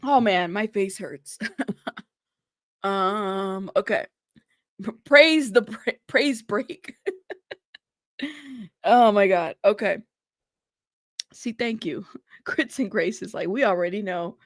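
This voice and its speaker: Woman host, gravelly fry in her voice, dry close sound, reads transcripts then chats and laughs with viewers. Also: mid-range voice, slow, pauses often, dry recording. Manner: chatty, laughs often, talks directly to her viewers. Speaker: host of a news commentary channel. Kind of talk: reading court transcripts aloud with casual commentary.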